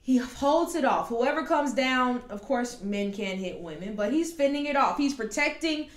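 A woman hosting a casual podcast, talking animatedly and quickly with plenty of asides. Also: high voice, expressive. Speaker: podcast host. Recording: roomy echo.

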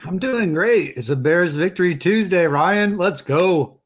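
A man's voice: high voice, lively intonation, measured pace. A middle-aged man co-hosting a sports podcast, earnest and enthusiastic as he talks. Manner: earnest, warm-hearted, enthusiastic. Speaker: podcast co-host. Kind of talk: casual sports podcast chat.

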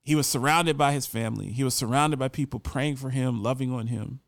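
A man's voice: mid-range voice, steady tone, brisk, no room sound, clean studio sound. A man in his forties telling a personal story in a casual, earnest and reflective way, often repeating words as he goes. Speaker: storyteller remembering his grandfather.

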